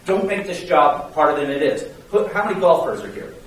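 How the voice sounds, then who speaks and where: A man coaching a sales team in an emphatic, energetic, pleading way. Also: on the high side, a little fast. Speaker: sales trainer. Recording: echoey room, mic far off, faint hiss.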